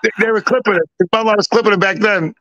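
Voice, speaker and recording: This middle-aged podcast co-host talks fast in a high-sitting, fairly bright voice with fairly even intonation. Chatting casually, he tells a meandering family anecdote, goes over the same points again, and voices both sides of each exchange. The audio is dull, with no room sound.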